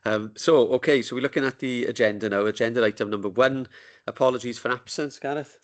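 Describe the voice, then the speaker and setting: Speaking fast in a medium-pitched voice, a man chairs a council committee meeting. He's informal and jokey, and a desk microphone in a meeting room picks him up.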